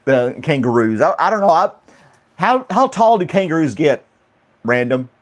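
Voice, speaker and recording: A man's voice: on the high side, very animated, normal speed. A man hosting a casual chat stream, laughing often and rambling through questions to his viewers. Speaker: livestream host reading chat.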